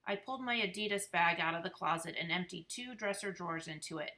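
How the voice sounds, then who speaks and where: Bright, expressive woman narrating a children's chapter book aloud. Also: lowish voice, fast. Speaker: reader.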